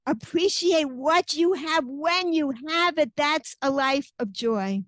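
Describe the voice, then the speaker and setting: A woman's voice: high voice, slow, a bit bright, no room sound. A woman talking as a guest author in an interview, earnest and acting out inner voices as she explains. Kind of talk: conversational interview.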